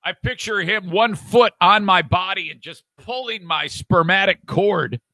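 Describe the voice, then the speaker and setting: A man hosting a podcast in a loose, rambling way, with frequent swearing and jokes. His voice sits a little high for a man and has a bright, forceful edge. It sounds dry and close, with little room sound. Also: unhurried, dry recording. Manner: rambling, profane, jokey. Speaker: podcast host. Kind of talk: casual podcast chat.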